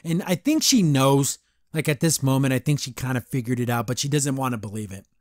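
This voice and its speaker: A young man hosting a podcast, rambling excitedly through a casual episode review. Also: medium pitch, a little fast, dry recording, studio quality. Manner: excitable, rambling fan talk. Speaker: podcast host.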